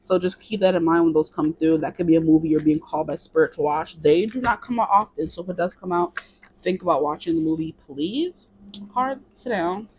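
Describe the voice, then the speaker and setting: A woman's voice: fairly low pitch, brisk, darkish tone, husky. A woman giving a casual tarot reading to camera, chatty and playful, singing bits of songs. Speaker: tarot reader.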